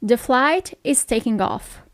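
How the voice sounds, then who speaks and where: Slow-speaking Italian woman language teacher. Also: fairly high pitch, lively intonation, no echo, clean studio sound. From Italy. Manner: patient, repeats each phrase slowly, checks in with "okay?". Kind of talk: slow language lesson with repeated phrases.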